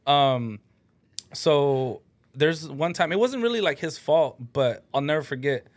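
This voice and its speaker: A man's voice: a little high, expressive, measured pace. A man telling an anecdote on a casual podcast chat, easygoing and full of likes and ums. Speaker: podcast co-host.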